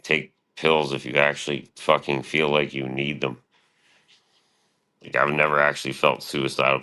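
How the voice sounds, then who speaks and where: A man's voice: a bass voice, pushed and bright, smooth. A man streaming live, rambling casually and profanely about his past and his show, often quoting himself.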